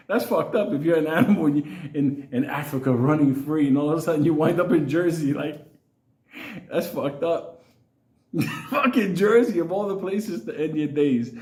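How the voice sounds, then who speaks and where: A man's voice: on the high side, moderate pace, darkish tone. A man telling a wild story, swearing constantly and laughing through his lines. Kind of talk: profane comic storytelling. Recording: echoey room.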